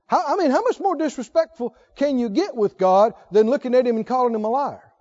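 A man's voice: very high-pitched, fairly quick, darkish tone, dull audio. A male pastor preaching emphatically, often putting questions to his congregation. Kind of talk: sermon.

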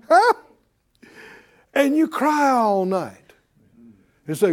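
A man preaching to a Bible class, calling out for responses and swinging between loud and soft. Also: very high voice, lively intonation, slow, long pauses. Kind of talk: lively sermon teaching.

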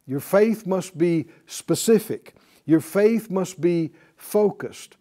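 A man's voice: high voice, expressive, slow, mellow. A man teaching a Bible class in a sermon style, emphatic and repetitive, often putting questions to the class.

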